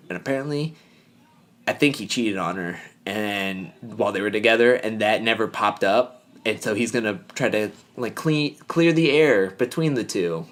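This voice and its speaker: A man's voice: on the low side, moderate pace. Rambling man recapping a TV show. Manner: rambling, filler-heavy, acts out quoted lines. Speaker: podcast co-host. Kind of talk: casual chat recapping a TV show.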